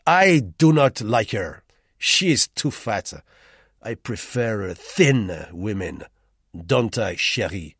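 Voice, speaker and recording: An arrogant, irritable man, curt and boastful, put on by a male audiobook narrator. His lines come out loud and clipped, husky at the edges, set higher than the narration, with a lively swing. The recording is dry and close. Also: slow pace, dry recording, heavily acted. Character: arrogant, suspicious, irritable middle-aged man. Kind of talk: audiobook character voice.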